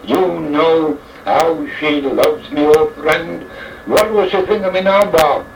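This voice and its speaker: A man's voice: fairly high pitch, slow, vocal fry, a little hiss or hum. A man voicing a despairing young aristocrat. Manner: pleading, broken-hearted outbursts. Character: ruined young male aristocrat, desperate and tearful. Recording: echoey, distant, dull old recording.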